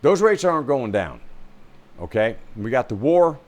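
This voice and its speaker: A man's voice: mid-range voice, very animated, moderate pace. A man hosting his own show, chatting loosely and rambling through news and clips with frequent fillers. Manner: rambling, full of fillers and restarts. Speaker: realtor hosting a commentary stream. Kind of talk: casual rambling commentary.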